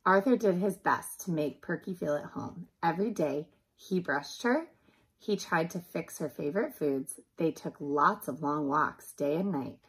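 A preschool teacher reading a picture book aloud to young children in a gentle manner. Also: female voice, sits low, animated, unhurried, creaky, slightly rough, poor audio.

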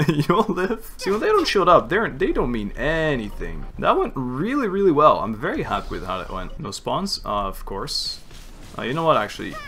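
A man's voice: a little high, sharp tone, a little hiss or hum. A man giving casual gameplay commentary, chatty, laughing often and talking to the game. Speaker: gaming streamer.

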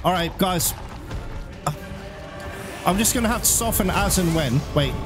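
Gamer guy, high lively voice, nervous and cursing a lot, game music blasting behind. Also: unhurried. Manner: excitable, swearing, nervous and frantic. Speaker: gaming channel host. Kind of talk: live gameplay commentary. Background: loud game music.

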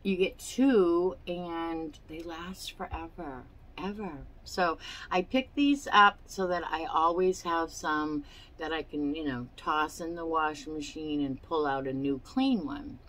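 A woman hosts a casual show-and-tell crafting vlog from her home. She talks at an unhurried, slow pace in a slightly low voice, rambling through asides and fillers. She has the hiccups. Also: fairly bright tone, low-quality recording. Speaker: crafting channel host.

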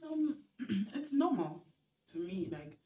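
A woman guest on a casual chat, explaining her view in a calm, measured way. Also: medium pitch. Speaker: roommate guest. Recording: echoey room.

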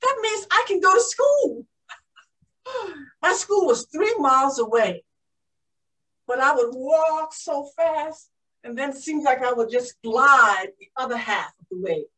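Brief: woman as a pioneering aviator, one-woman storytelling, high voice, eager and gasping, mic set well back. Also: unhurried, far from the mic, exaggerated voice, poor audio. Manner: animated, gasping with excitement. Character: pioneering woman aviator recalling her childhood. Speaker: living-history performer.

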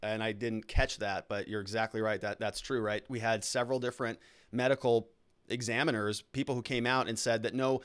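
A man's voice: on the low side, fairly even intonation, a little fast, fairly bright tone, clear, resonant tone. A man hosting a show, giving casual legal commentary on courtroom testimony and explaining it step by step. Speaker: lawyer hosting a trial analysis show.

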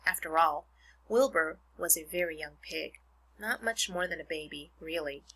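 A woman's voice: deep voice, normal speed, fairly bright tone, breathy edge, poor audio. A woman teacher reading a children's book aloud, stopping now and then to explain words to her young listeners. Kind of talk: read-aloud storytime.

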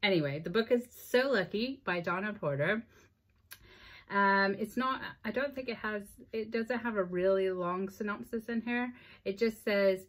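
A woman's voice: mid-range voice, normal speed. A woman, chatting enthusiastically to camera about books, with plenty of ums and restarts. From American South. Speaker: book vlogger. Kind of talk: casual chat to camera.

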